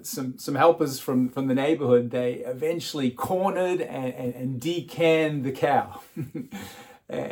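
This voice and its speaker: A man's voice: medium pitch, a little mellow. A man preaching an Easter sermon. He chuckles often and repeats words as he starts his phrases. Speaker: pastor.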